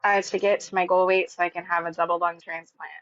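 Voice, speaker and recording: A calm woman caller speaks in a steady, matter-of-fact way. Her voice is fairly low. She comes through on dull, dry call-in audio. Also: fast, no echo. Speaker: caller on a livestream. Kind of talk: casual chat.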